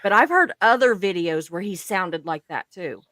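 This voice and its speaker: A woman's voice: fairly low pitch, lively intonation, moderate pace, pushed and bright, no echo. A woman co-hosting a casual talk show, chiming in with short agreements and brief thoughts of her own. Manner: supportive, frequent short agreements. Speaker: co-host. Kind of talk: casual chat.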